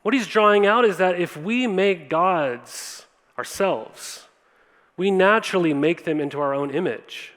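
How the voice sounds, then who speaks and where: A man's voice: sits high, unhurried, fairly bright tone. A male pastor preaching a sermon, reading scripture and then retelling it in casual words, often asking the congregation questions. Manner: conversational, asks the congregation questions. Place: church auditorium. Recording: long reverb of a church hall.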